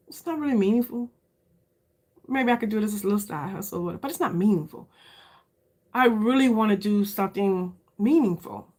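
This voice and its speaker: With a slightly mellow voice, a fifty-something beauty creator has a candid, searching, casual chat directly with viewers. "Y'all" comes up often, and her pitch climbs when she wants emphasis.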